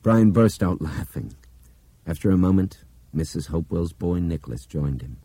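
Very deep, dark male narrator. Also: husky, no echo. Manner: steady, measured reading with hushed drops. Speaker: audiobook narrator. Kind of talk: scripted narration.

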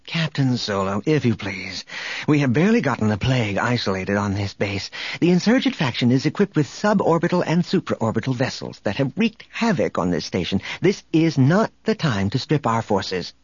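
A man's voice: medium pitch, sing-song, moderate pace, husky, no echo, lo-fi sound. A man voicing a stern, formal male station controller who speaks officiously. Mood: firm.

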